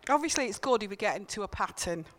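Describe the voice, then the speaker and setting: A woman's voice: mid-range voice, lively intonation, fast talker, a bit bright. A woman giving an informal, earnest sermon in church, telling personal stories and repeating key points for emphasis. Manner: earnest, conversational, emphatic repetitions. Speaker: church speaker.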